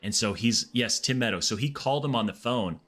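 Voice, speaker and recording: A man streaming a game, telling long rambling stories in a casual, animated way, with lots of restarts. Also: medium pitch, brisk. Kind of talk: casual storytelling chat.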